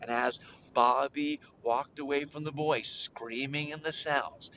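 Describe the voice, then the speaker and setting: A man hosting a children's podcast, telling a story and coaxing young listeners to shout along. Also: medium pitch, highs cut off, slight background noise.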